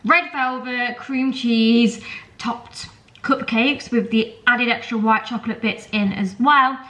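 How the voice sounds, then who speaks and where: A young woman talks to camera from her kitchen in a casual, rambling way, peppering her stories with ums and likes. Her voice sits a little high, and a sore throat roughens it slightly. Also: steady tone, takes it slowly, a bit bright, rough recording. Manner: chatty, storytelling, lots of fillers like um and like. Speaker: vlogger. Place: home kitchen.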